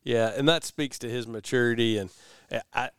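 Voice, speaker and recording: A man's voice: medium pitch, fairly even intonation, normal speed, a bit bright, clear, resonant tone, dry recording, clean studio sound. A man hosting a casual talk, adding short affirmations and prompting his guest. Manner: brief affirming interjections. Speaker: podcast host. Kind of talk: casual chat.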